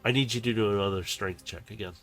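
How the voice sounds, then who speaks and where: A man narrating a tabletop game as game master, in a loose, chatty, animated way. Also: lowish voice, quick pace, soft background music.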